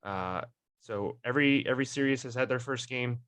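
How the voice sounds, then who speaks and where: A man's voice: medium pitch, fairly quick, a bit bright, smooth. A young man hosting a casual sports podcast, rambling with many fillers and restarts. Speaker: podcast host.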